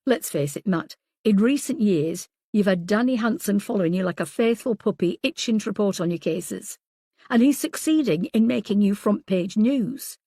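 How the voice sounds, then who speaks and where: A woman's voice: medium pitch, expressive, moderate pace, warm tone, no room sound. A woman narrating a level-headed male detective in an audiobook who lays out the facts plainly. The sound is dry and close. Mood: steady. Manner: matter-of-fact.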